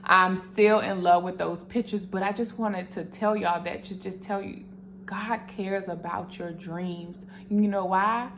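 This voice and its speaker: A young woman giving a casual faith testimony to camera, earnest and animated, speaking straight to her viewers with emotion. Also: mid-range voice, unhurried, slight background noise.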